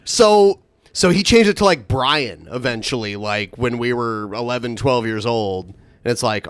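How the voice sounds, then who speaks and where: A man's voice: mid-range voice, normal speed, clear, resonant tone, dry recording. A man co-hosting a podcast, chatting casually and laughing often. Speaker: podcast co-host.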